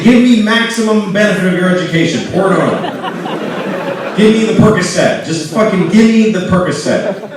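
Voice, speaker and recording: A man in his forties doing stand-up, telling a story and acting out voices, swinging from low mutters to shouts. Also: lively intonation, moderate pace, noisy background. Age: 40s. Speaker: stand-up comedian. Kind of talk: stand-up comedy. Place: large live venue. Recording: echoey live venue, distant mic, loud crowd. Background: laughing audience.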